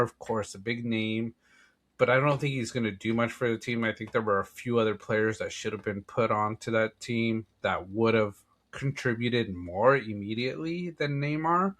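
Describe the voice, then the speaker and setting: A man's voice: medium pitch, a bit bright. A man co-hosting a sports podcast, chatting casually about soccer predictions with frequent restarts. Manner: easygoing, frequent "yeah" and restarts. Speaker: podcast co-host.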